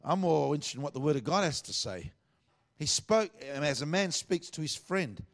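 A man's voice: a little high, lively intonation, normal speed. A middle-aged man with an Australian accent, preaching a sermon in a casual, conversational way with asides.

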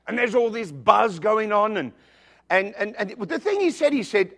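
A male pastor preaching a sermon, telling personal stories in an animated, emphatic way with jokey asides. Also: high voice, moderate pace, creaky. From outside the United States.

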